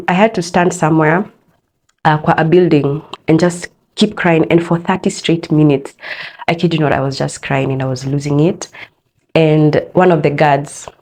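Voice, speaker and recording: A young woman with a Kenyan accent hosting a personal podcast, telling her own story in a candid, expressive way. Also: low voice, normal speed. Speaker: podcast host.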